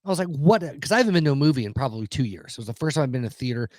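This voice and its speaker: Fast-talking profane man. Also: mid-range voice, expressive, dry recording, clean studio sound. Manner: profane, heated storytelling. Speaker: podcast co-host. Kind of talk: casual podcast chat.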